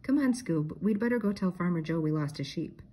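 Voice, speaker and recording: A woman's voice: on the low side, expressive, a little fast, warm tone, slightly rough. A woman reading aloud and voicing a nervous, easily scared young man who keeps saying "like". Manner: jittery, drawling "like".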